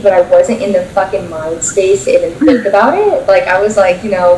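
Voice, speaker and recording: A woman's voice: mid-range voice, animated, moderate pace, a little mellow, a little hiss or hum. A young woman, a podcast guest, telling a story in blunt, profane casual chat with frequent laughs. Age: young adult. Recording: roomy sound from a distant mic.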